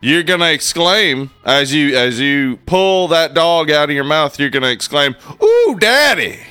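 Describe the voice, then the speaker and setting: Male podcast co-host, fairly high voice, dry close sound, jokey and giggly with stumbling restarts. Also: moderate pace, pushed and bright, clean tone, no echo, faint music behind. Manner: joking, laughs often, stammers restarts. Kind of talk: casual comedic chat.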